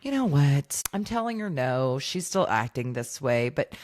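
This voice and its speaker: A woman's voice: very deep voice, big pitch swings, unhurried, darkish tone. A woman in her thirties co-hosting a podcast, telling stories in casual chat, acting out quoted dialogue and swearing freely. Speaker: podcast co-host.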